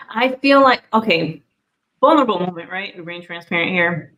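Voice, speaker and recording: A woman's voice: on the low side, animated, normal speed, a bit bright. A woman hosting a casual podcast, talking candidly and with self-deprecating humor. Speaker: podcast host.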